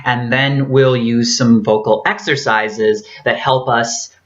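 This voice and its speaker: A woman's voice: very deep voice, steady tone, slow pace, dull audio. A woman vlogger giving an earnest, casual tutorial with a theatrically trained voice and many fillers.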